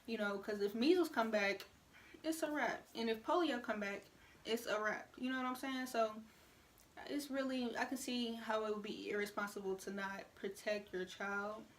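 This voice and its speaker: A young vlogger shares her opinions frankly and conversationally on a casual vlog, sprinkling in many "you know" asides. Her voice sits on the high side, with a steady tone and moderate pace.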